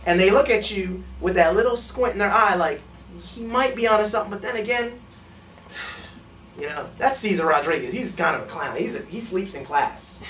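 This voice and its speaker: A man leading a live sales training for a small group, acting out pitches and laughing often. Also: slight background noise. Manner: fast, animated, acts out sales calls, laughs often. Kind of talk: live training talk with role-played pitches. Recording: echoey room, mic far off.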